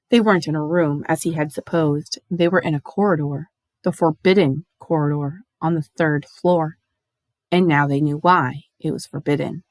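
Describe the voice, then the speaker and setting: A woman giving an expressive, animated storybook reading. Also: low-pitched, no echo. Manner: animated, lively. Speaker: audiobook reader.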